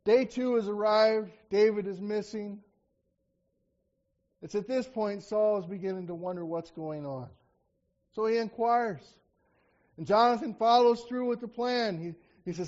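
A high-voiced man preaches in a relaxed, conversational way, breaking off to act out quotes with growing force. The recording is dull and lo-fi. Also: measured pace. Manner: conversational, acts out quotes with rising emphasis. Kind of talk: sermon with scripture reading.

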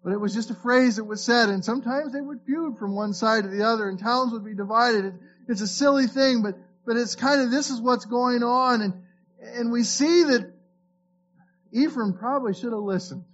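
Preaching loosely and conversationally, a Florida pastor with a fairly high, somewhat bright voice reads scripture at a moderate pace, often tripping into repeated words as he starts over. A faint hum runs under the slightly dull, lo-fi recording.

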